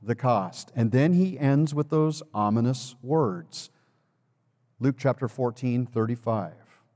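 A man preaching a sermon as a pastor, emphatic, with dramatic pauses and repetition. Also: high voice, darkish tone. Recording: long reverb of a large hall.

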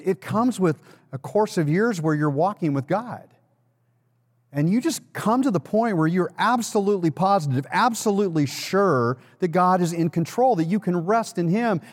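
A man's voice: high-pitched, a little mellow. A man preaching a sermon as pastor, telling a personal story in a conversational way and building to emphatic peaks. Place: church sanctuary. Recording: long reverb of a large hall.

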